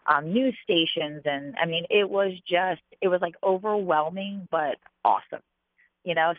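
A woman's voice: fairly low pitch, no echo. A woman jockey being interviewed, telling stories chattily with lots of fillers. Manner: chatty, animated, with many fillers. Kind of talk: casual interview storytelling. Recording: dry, tinny phone-like line.

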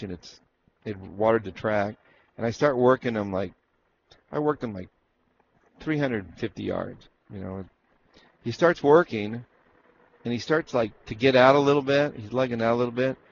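Gravelly guy from arizona, ex jockey spinning a yarn, kinda dull lo-fi sound with faint hiss. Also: medium pitch, moderate pace. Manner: animated storyteller who acts out what was said. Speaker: former jockey telling his story. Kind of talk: casual storytelling interview. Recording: dull lo-fi recording with faint noise.

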